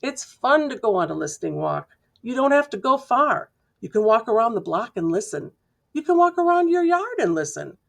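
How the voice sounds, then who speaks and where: A woman reading a children's picture book aloud slowly and clearly, imitating the sounds in the story with playful mouth noises. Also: a little high, big pitch swings. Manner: slow, clear reading to young listeners. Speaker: storybook reader.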